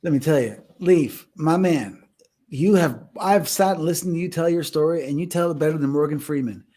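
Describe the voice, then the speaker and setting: A young man with a slightly high voice tells a story on a podcast, jumping into the voices of the people in it. His telling is lively and casual, a co-host talking with his partner. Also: normal speed. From United States. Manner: animated, acts out voices in stories.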